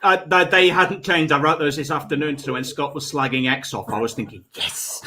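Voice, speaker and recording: A man hosting a comedy panel quiz, reading out questions with quick asides and frequent laughs. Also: on the high side, sing-song, very noisy. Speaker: quiz host. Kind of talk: casual online panel chat.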